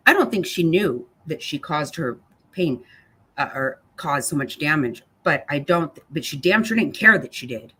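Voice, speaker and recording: Husky, blunt woman livestream host. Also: deep voice, lively intonation, normal speed, sharp tone. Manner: blunt, angry, swears freely, addresses viewers by name. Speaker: livestream host reading chat. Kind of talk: casual live chat commentary.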